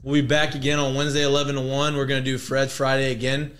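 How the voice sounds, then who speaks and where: A man's voice: medium pitch, monotone, fast talker, fairly bright tone. A man hosting a casual sports podcast chat, easygoing and jokey, reading sponsor plugs. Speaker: host.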